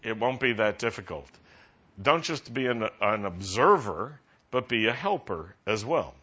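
Bright-voiced man preaching a practical sermon. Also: fairly low pitch, unhurried, slightly rough. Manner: conversational, practical, rising animated emphasis. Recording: dull lo-fi sound.

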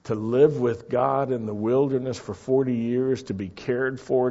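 A male preacher delivers a sermon in a slow, unhurried cadence. His voice is slightly husky, and the sound is a little dull and lo-fi. He swings between hushed reflection and loud calls out. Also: mid-range voice, steady tone. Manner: dynamic preaching, swings from quiet to loud exclamations. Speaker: pastor.

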